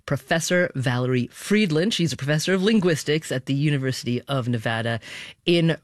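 A woman hosting a public radio talk show, asking measured, thoughtful questions into a studio microphone. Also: low voice, animated, no room sound.

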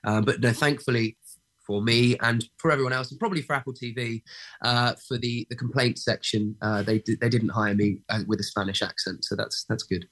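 A man's voice: mid-range voice, fairly even intonation, a little fast, a bit bright. A young man, an actor, chatting in an interview, hesitant and full of fillers and restarts. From England. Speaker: actor guest. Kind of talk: casual interview chat.

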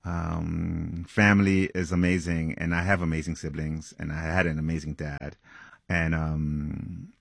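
A novelist talks about his book in an earnest, thoughtful way, pausing often with "um". His voice is very low and husky. The recording is dry and close. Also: flat delivery, no echo. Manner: earnest and reflective, with frequent "um" pauses. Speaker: author. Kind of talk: interview answers and reading from his novel.

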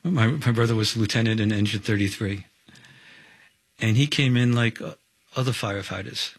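A man with a low, husky voice gives halting, measured testimony in an interview. He pauses and restarts as he remembers. The sound is close and dry. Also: no echo. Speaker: fire chief recalling the attack.

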